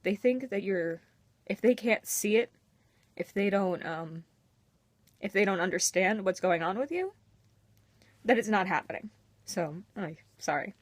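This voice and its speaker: A woman's voice: mid-range voice, expressive, a little slow, pauses often, no room sound. A young woman talking candidly and emotionally to her camera in a personal vlog, with a self-mocking edge. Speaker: vlogger.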